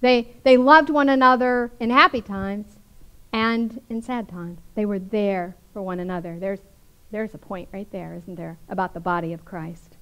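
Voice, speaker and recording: A woman's voice: mid-range voice, normal speed, muffled recording. A woman preacher giving a sermon, reading scripture aloud and then commenting on it in a chatty way, often ending with tag questions.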